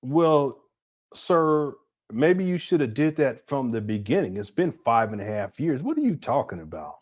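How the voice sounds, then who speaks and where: A man's voice: medium pitch, sing-song, moderate pace. A man hosting casual reaction commentary in a jokey, rambling way, laughing often and calling his viewers family. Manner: slangy, addresses viewers as family. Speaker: commentary host.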